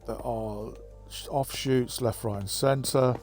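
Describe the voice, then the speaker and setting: Relaxed low-voiced man rambling. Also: takes it slowly. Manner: relaxed, rambling, thinking aloud with fillers. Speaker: gamer giving a map tour. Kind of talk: casual gameplay commentary. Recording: faint background music.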